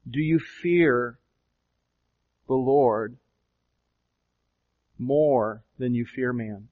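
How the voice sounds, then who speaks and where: A pastor preaching a sermon, questioning his listeners again and again, swelling with emphasis and slowing to draw out key phrases. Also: mid-range voice. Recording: dull lo-fi recording.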